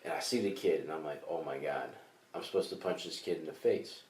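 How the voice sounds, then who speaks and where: A man co-hosting a comedy podcast, telling a story in a casual, animated way with plenty of swearing. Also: very deep voice, brisk. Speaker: podcast co-host. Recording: echoey room, distant mic, faint hiss.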